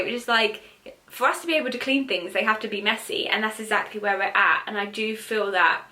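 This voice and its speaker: A young woman answering viewer questions as a spiritual reader, in chatty, animated talk full of fillers. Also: mid-range voice. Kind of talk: casual Q&A monologue.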